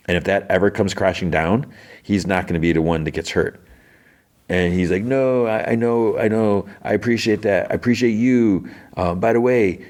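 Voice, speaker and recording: Low-voiced man casually recapping a show. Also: a little mellow. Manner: retells dialogue with lots of "he's like", quick mini voices for characters. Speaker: podcast host recapping a TV episode. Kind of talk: casual retelling of a show's scenes.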